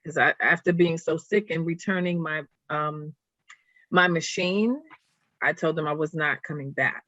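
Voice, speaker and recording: A woman's voice: low-pitched, fairly bright tone, dry recording. Earnest woman guest on a dull, dry line. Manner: earnest, halting, getting emotional. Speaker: guest, nonprofit founder. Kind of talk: personal storytelling in a podcast interview.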